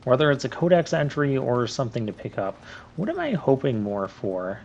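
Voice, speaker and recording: A man narrating his gameplay in a chatty, joking, rambling way, thinking out loud. The recording is slightly muffled, with a faint hiss behind it. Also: mid-range voice, very animated, moderate pace, creaky. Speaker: let's play host.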